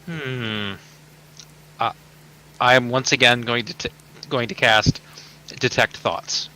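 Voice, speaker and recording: A man playing a tabletop game, speaking gently and soothingly to a child character. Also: medium pitch, fairly even intonation, slow, low-quality recording. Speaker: player. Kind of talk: tabletop role-play.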